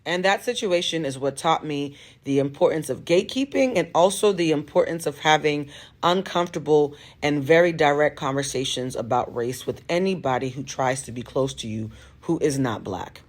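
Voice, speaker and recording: A woman's voice: sits low, moderate pace. Blunt woman telling a story. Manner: direct, emphatic storytelling. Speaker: tarot reader and coach. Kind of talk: storytime monologue.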